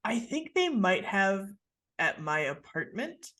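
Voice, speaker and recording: A woman hosting a podcast in relaxed casual chat, talking in a rambling, self-deprecating way with many restarts. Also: medium pitch, slow. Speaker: podcast host.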